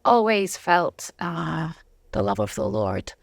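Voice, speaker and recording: A middle-aged woman from Zimbabwe, a guest telling her story in a rambling way with many pauses and laughs. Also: sits low, very animated, gravelly, no echo. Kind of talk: casual interview chat.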